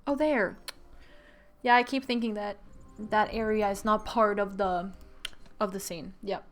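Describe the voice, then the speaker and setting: A woman's voice: mid-range voice, steady tone, unhurried, soft background music. A woman giving casual game commentary, chatty, full of "like" fillers, reading on-screen text aloud. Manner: chatty, many "like" fillers, reads dialogue aloud. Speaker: game streamer.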